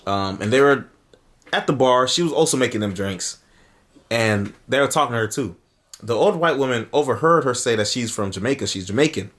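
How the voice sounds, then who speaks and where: A man telling a story in an animated commentary video, swearing casually, acting out what people said and laughing often. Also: mid-range voice, a little fast. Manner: lively, swears casually, acts out quotes.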